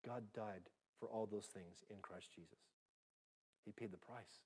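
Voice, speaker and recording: A man preaching a sermon as pastor, rising loud and high when reading scripture and dropping soft and low when he applies it. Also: steady tone, a little slow, breathy edge. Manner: dynamic preaching, pitch and volume rising sharply when reading scripture aloud.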